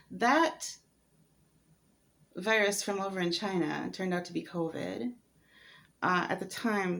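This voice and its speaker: Low, gravelly-voiced woman vlogger. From United States. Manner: hesitant and candid, many fillers, laughs while talking. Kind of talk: personal story vlog.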